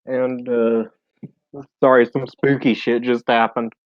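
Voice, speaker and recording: Man, game master, casual and halting, phone-like dry audio. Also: medium pitch, flat delivery, no echo. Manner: casual, hesitant with many fillers. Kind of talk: narrating a tabletop game. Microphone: online voice call. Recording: tinny phone-like line, dry.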